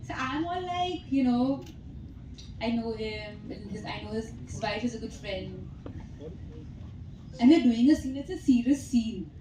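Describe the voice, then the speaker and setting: A chatty woman with an Indian English accent answers press questions, telling stories with frequent laughs. Her voice sits a little high. The sound carries the echo of a hall over faint background noise. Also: expressive, a little slow, pauses often, distant mic. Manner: chatty, storytelling, laughs often. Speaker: actress at a press meet.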